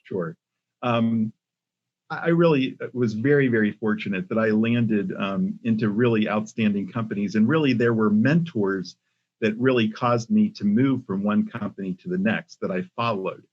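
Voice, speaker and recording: Older man, husky voice, muffled audio. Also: fairly low pitch. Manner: measured, many ums and restarts. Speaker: podcast guest, company CEO. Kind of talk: casual interview talk.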